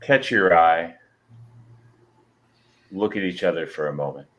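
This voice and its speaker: A man's voice: deep voice, measured pace, a bit bright. A man narrating as game master of a tabletop game, describing scenes steadily.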